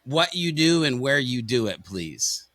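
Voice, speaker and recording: A man's voice: medium pitch, very animated, unhurried, fairly bright tone, dry recording. An American man hosting a podcast, talking in an upbeat, enthusiastic, folksy way. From United States. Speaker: podcast host. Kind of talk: casual podcast chat.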